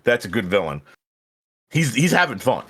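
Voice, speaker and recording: A man's voice: medium pitch, sing-song, normal speed, a bit bright. A young man chatting casually and profanely while livestreaming. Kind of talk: casual live-stream chat.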